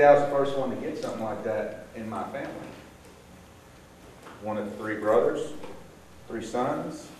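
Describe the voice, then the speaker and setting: Man telling stories in an echoey hall. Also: medium pitch. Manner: animated, acts out voices in his stories. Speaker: speaker at a gang awareness session. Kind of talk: storytelling talk to an audience. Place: large echoey room with an audience. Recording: very echoey room, voice from far off, faint hiss.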